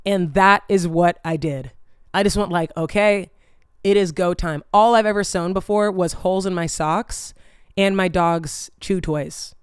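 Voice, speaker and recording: A woman hosting her own vlog, telling a story in a casual, animated way, swearing freely and saying "like" a lot. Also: fairly low pitch, unhurried, smooth, no room sound, studio quality. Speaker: vlog host.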